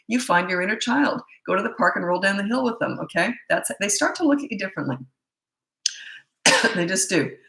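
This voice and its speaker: Talking straight to camera in a relaxed Q&A, a middle-aged woman who coaches parents dishes out advice with brisk, opinionated bluntness. Her fairly low voice sounds bright yet gravelly, and the large room gives it an echo.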